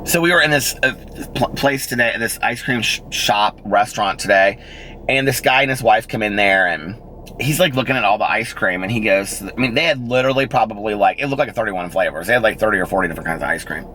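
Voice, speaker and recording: A middle-aged man tells a story in a casual vlog. His voice sits low, and he jumps up in pitch to act out other people. A faint hum runs underneath. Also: quick pace, poor audio. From United States. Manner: chatty, animated, acts out quoted people in raised voices. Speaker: vlogger.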